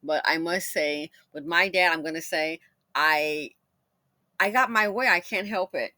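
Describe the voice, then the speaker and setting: A middle-aged woman hosting a commentary video, telling personal stories in a chatty, animated way and laughing as she goes. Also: low voice, a little slow, dry recording. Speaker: commentator host. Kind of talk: casual storytelling commentary.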